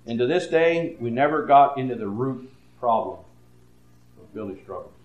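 An older man preaching a sermon, dropping to a hush and then rising loud, often stammering into repeats. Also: mid-range voice, expressive, roomy sound, dull audio. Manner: swings between hushed and loud, halting repeats.

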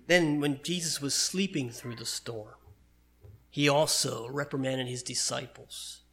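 A man's voice: mid-range voice, measured pace, fairly bright tone. A man preaching a sermon in an earnest, conversational way, reading and explaining scripture.

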